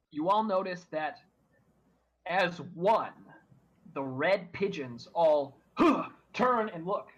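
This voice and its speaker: A man with a husky, fairly high voice narrates a tabletop game as game master. He talks in a halting way, stopping and restarting his sentences as he describes the scene. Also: a bit bright, rough recording. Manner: halting, full of fillers and restarts.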